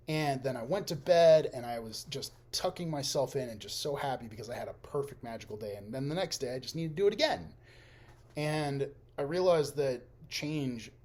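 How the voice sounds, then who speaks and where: A young man with a husky, slightly breathy voice talks through a candid personal monologue. He is blunt and swears freely, often stumbling into restarts, then trails off into a hushed, low register when he turns reflective. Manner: frank and profane, halting with restarts, dropping to quiet low tones when reflecting. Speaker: vlogger sharing a personal testimonial.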